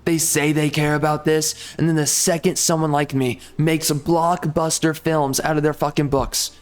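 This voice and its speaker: A man's voice: fairly high pitch, little pitch movement, moderate pace. A young man with a profane, heated, repetitive way of talking, delivering an angry rant to the camera. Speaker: gaming YouTuber.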